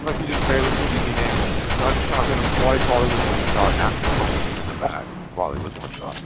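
A young man in casual multiplayer game chat, animated and swearing as he calls out plays. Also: medium pitch, very fast, heavy background noise. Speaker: gamer. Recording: gameplay audio loud behind voice. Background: game music and gunfire.

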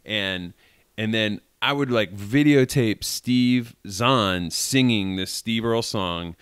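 A man's voice: on the low side, slow, fairly bright tone, clean tone, dry recording, studio quality. A middle-aged man from Massachusetts with a faint Massachusetts accent, a podcast guest telling rambling stories full of filler words. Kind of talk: casual podcast chat.

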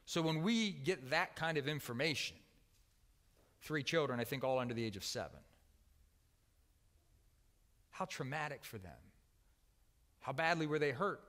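A man's voice: a little high, animated, moderate pace. Earnest male preacher in echoing hall. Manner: earnest, with wide swings in loudness, dropping soft on key words. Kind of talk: sermon. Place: church sanctuary.

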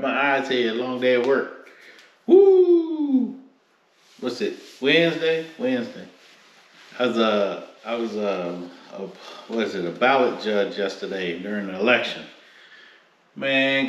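A man's voice: medium pitch, a bit bright, reverberant. Rambling, slangy sneaker vlogger man. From Philadelphia–New York area. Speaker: sneaker reviewer. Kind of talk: casual unboxing vlog.

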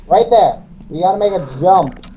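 A man's voice: high-pitched, animated, moderate pace, narrow, tinny audio, a little hiss or hum. A man guiding his friends through a co-op game, giving scattered directions. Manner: directive, scattered, laughs often. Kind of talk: casual co-op game chat.

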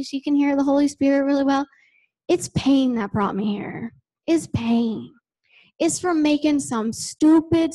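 Woman preacher, high voice, chatty and casual, says like a lot. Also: dark tone, poor audio. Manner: chatty, lots of "like" and "you know". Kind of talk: conversational sermon. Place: church.

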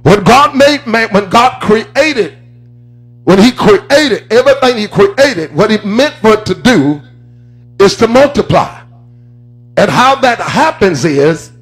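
High-voiced male preacher, sing-song cadence. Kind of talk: sermon.

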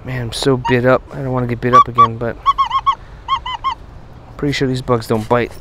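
A man giving casual running commentary while metal detecting on a beach at night, chatting to his finds with excited bursts. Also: mid-range voice, moderate pace, heavy background noise. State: out of breath.

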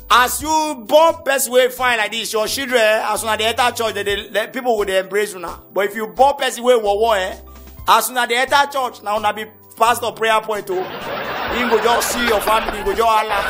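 A Nigerian man doing a stand-up comedy routine in Nigerian Pidgin English, animated and shouting out his punchlines. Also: high voice. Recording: comedy CD with music behind.

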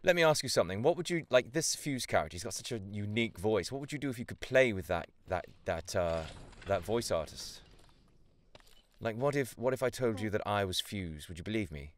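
A man's voice: on the low side, fairly quick. A man, a voice actor bantering playfully with strangers during a video game. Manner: playful, excitable banter with loud outbursts. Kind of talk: casual gaming voice chat.

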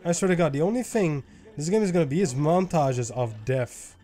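A man giving let's play commentary who swears a lot and swings from loud frustrated yelling to low muttering. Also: lively intonation, normal speed. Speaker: gaming YouTuber.

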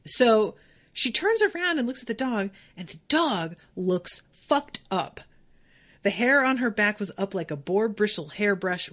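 A young woman hosting a casual book podcast, retelling the chapter in an excitable, swearing way and voicing the characters. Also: medium pitch. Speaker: podcast host.

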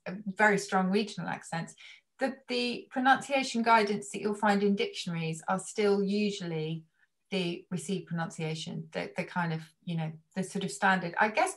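A middle-aged woman speaking as a guest in a casual chat, thoughtful and explanatory. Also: mid-range voice. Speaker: guest language expert.

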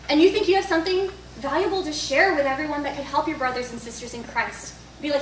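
A woman's voice: high voice, fast, few pauses, fairly bright tone, recorded from a distance. A young woman speaking to a church group in a casual, chatty way, telling stories and answering questions. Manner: chatty, storytelling, frequent likes and self-corrections. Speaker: speaker at a young adult faith event. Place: parish hall. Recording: echoey room, voice off-mic with faint noise.

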